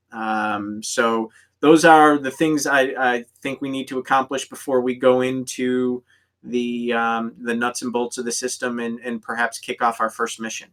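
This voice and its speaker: A man acting as game master, explaining rules to players with many pauses and restarts. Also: mid-range voice, a bit bright. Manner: halting, many ums and restarts. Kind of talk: explaining rules in an online tabletop session.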